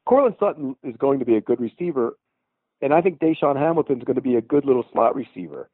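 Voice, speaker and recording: A man's voice: mid-range voice, big pitch swings, fast, slightly rough, dry recording. Man on a tinny phone line. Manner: matter-of-fact, confident verdicts. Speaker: football reporter guest. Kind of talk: sports analysis on a podcast. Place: at a team practice facility.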